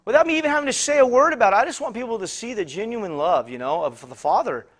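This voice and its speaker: A man with a high voice preaches to his congregation. He tells a personal story in a loose, rambling way, stumbling over repeated words and acting out the people he met. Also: expressive, quick pace, a bit bright. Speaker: pastor. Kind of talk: sermon storytelling.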